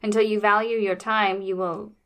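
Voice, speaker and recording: A woman co-hosting a laid-back podcast, reading quotes aloud and chatting about them in a middle-pitched voice. She talks like a busy parent among friends, casual and unhurried. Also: flat delivery, fairly bright tone. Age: adult parent. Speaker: podcast co-host.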